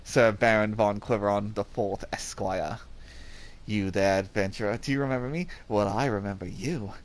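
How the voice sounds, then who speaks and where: A man's voice: fairly low pitch, moderate pace, natural voice. A man voicing a pompous, vengeful nobleman baron in a lordly tone.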